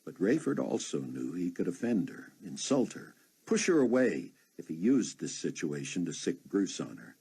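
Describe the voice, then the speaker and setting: A man narrating an unabridged audiobook in a steady storytelling manner. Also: deep voice, normal speed, gravelly, breathy edge. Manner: steady storytelling with many voiced characters.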